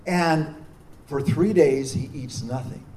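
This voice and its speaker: Mellow-voiced priest telling a story. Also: male voice, fairly high pitch, slow pace. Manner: earnest, anecdotal, with frequent restarts. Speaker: prison chaplain, priest. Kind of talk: storytelling talk. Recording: distant mic with faint noise.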